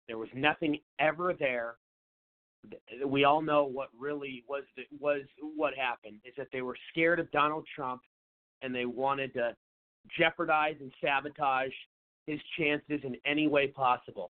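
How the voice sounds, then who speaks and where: A man's voice: medium pitch, steady tone, unhurried. A man hosting a talk radio show, giving blunt, emphatic opinions and taking callers. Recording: thin phone-like sound.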